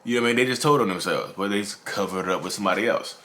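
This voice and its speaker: Racing along in a lowish, fairly bright voice, a man hosts a casual YouTube video on narcissism. He says things more than once and refers to his audience as "y'all."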